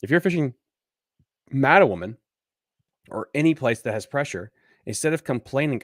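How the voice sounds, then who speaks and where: A man hosts a live fishing podcast, bluntly ranting and casually swearing while answering listener questions. His mid-range voice is expressive at a normal speed with frequent pauses, captured in clean studio sound without room ambience.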